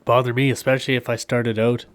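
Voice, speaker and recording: A man's voice: mid-range voice, flat delivery, fast, no room sound. A man co-hosting a casual podcast, giving short agreeing replies and jokes. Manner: laid-back, short agreeing replies, joking. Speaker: podcast co-host.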